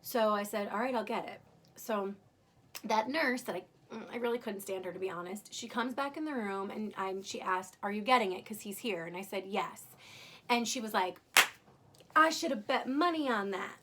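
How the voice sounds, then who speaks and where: A woman's voice: mid-range voice, normal speed, fairly bright tone, a little hiss or hum. A young woman candidly recounting her birth story in casual, emotional storytelling, swearing freely.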